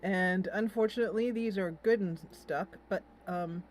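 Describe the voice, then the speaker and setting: A woman's voice: mid-range voice, normal speed, slight background noise. A woman hosting a game playthrough, chatting and reading the game text aloud. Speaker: gameplay host. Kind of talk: let's play commentary.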